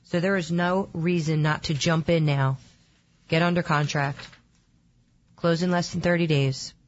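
Philly lady on a radio show, quick practical talk, kinda muffled lo-fi sound. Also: sits low, fairly even intonation. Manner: brisk, practical, rattles off figures. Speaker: mortgage segment co-host. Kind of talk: casual radio chat.

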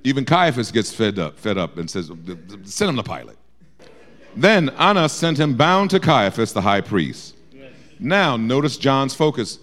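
A man teaching a Bible study, explaining verses and acting out quotes in a lively way. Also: mid-range voice, normal speed. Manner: lively, acts out quotes with shifting voice.

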